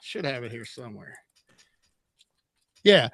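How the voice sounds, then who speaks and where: A man from Texas, a guest on a video call, telling stories in a profane, animated way. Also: mid-range voice, a little slow, no echo. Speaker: guest, former record label owner. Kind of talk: casual chat on a video call.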